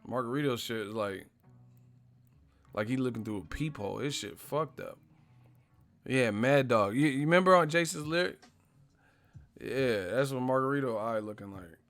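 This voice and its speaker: A man's voice: medium pitch, normal speed, long pauses, fairly bright tone, soft background music. A man hosting a casual live stream, telling stories animatedly with lots of slang and profanity, often laughing and acting out movie lines. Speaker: host of a live boxing stream.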